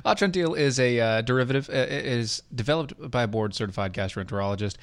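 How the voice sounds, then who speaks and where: A male podcast co-host talking in loose, rambling casual chat, stumbling through restarts and dropping sarcastic asides. His voice sits at an ordinary pitch, recorded close with no room sound. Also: lively intonation, quick pace, smooth, no room sound.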